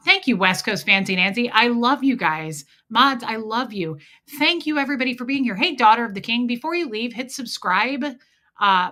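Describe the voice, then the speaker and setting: Speaking into a home streaming mic, this woman hosts a relaxed livestream chat full of mockery and sarcasm, greeting viewers by name and swearing without restraint. Her voice is mid-range, bright and forceful.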